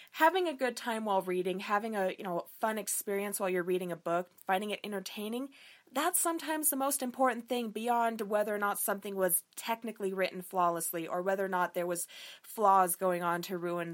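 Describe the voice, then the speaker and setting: A woman hosting a book review podcast, chatting casually and frankly with lots of fillers and swearing. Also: medium pitch. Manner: candid, profane, animated, frequent fillers. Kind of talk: casual chat.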